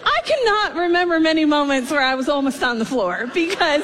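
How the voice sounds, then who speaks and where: High pitched lady camp leader, animated storyteller, keeps laughing mid-sentence. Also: moderate pace, noisy background. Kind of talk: humorous faith storytelling.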